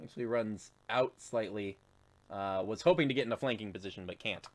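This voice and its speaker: A man's voice: on the low side, a little fast. A man narrating as game master of a tabletop game in a laid-back, chuckling manner with many fillers. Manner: laid-back, laughs often, lots of fillers.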